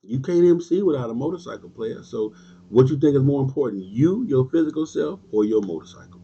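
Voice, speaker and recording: A motorcycle club leader lectures bikers in a livestream monologue, answering viewers in a husky, mellow, mid-range voice that's animated and brisk. He's emphatic, repetitive, and preachy, using streetwise slang and talking back to commenters over dull lo-fi stream audio.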